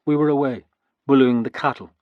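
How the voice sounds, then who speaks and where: A man voicing a grave male Norse seer who speaks in calm, solemn pronouncements in an audiobook. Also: medium pitch, fairly quick, dry recording, narrow, tinny audio, voice pushed up, natural voice.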